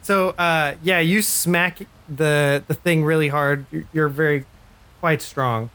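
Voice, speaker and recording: A game master narrates a tabletop game in a loose, rambling way. The voice sits at a middle pitch and is full of filler words. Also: fairly even intonation, slow pace, a bit bright.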